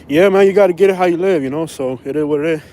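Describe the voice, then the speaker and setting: A man's voice: on the high side, racing, mellow. Rambling Southern man vlogging outdoors. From Florida. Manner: rambling, repeats himself, slangy street talk. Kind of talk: casual walking vlog. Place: outdoors on a snowy windy street. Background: traffic and outdoor ambience.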